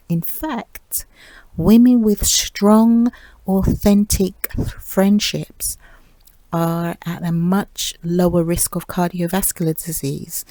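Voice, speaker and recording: A woman hosting a reflective solo podcast, speaking softly and drifting into near-whispers with light laughs. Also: fairly low pitch, fairly even intonation, slow, no room sound, low-quality recording. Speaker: podcast host.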